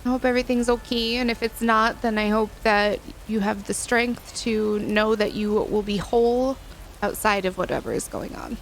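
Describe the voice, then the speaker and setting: A woman's voice: medium pitch, moderate pace, gravelly, a little hiss or hum, rough recording. A woman streamer chatting casually on a live stream, gushing and giggly, saying y'all as she thanks her viewers. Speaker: livestreamer.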